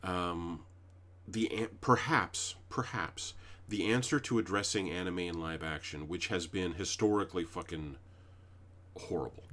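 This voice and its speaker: A man's voice: sits low, unhurried, pushed and bright. A man co-hosting a podcast, talking casually, emphatic and heavy on swearing. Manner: profane, emphatic, with frequent fillers. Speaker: podcast co-host. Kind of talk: casual chat.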